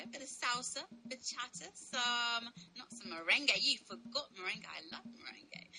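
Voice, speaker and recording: A woman's voice: medium pitch, poor audio. A woman hosting an online radio show in a chatty, bubbly way, full of ums and asides. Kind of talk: casual radio chat. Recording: music playing underneath.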